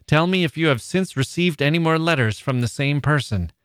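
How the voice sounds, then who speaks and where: A man doing a jealous, passionate gentleman. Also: fairly high pitch, expressive, brisk, smooth, dry recording, clean studio sound, pitched above the performer's own voice. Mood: impassioned. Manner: impassioned, theatrical outbursts. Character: passionate, jealous young gentleman suitor, 18th century.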